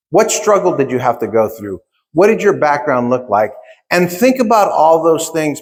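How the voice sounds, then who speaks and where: A man in his fifties, giving a keynote at a conference and telling his own story in an emphatic way, repeating key phrases. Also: on the high side. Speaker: keynote speaker. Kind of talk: motivational storytelling speech. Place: large conference hall. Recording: long reverb of a large hall.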